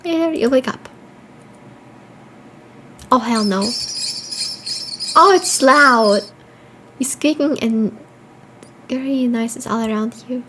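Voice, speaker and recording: A woman's voice: high-pitched, slow, long pauses, noisy background. A woman streaming a horror game, reading its text aloud and reacting with swearing and laughter.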